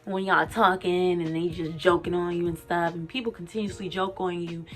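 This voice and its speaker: A woman's voice: fairly low pitch, steady tone, normal speed, soft background music. A young adult woman vlogging, speaking articulately and candidly about personal struggles in an open, emotional way. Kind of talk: candid confessional vlog.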